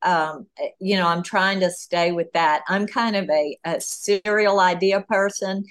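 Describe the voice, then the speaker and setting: A woman being interviewed as an author on a podcast, talking through her ideas in an animated way with plenty of fillers. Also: on the low side, unhurried. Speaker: author and guest.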